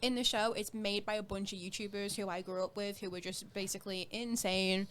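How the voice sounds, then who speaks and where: A woman's voice: medium pitch, steady tone, a little fast, a crowd in the background. A young woman co-hosting a casual chat, rambling with many fillers and giggles. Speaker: co-host.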